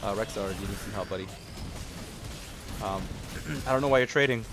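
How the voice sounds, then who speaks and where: Young man yelling game commentary. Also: on the low side, moderate pace, creaky, over music. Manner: excitable, yells at teammates, swears casually. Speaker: gameplay commentator. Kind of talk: live gameplay commentary.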